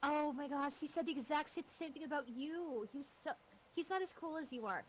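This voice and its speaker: A woman's voice: sits high, a little fast, a little hiss or hum, natural voice, low-quality recording. A woman voicing a bubbly, chatty young female adventurer who gushes. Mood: gushing.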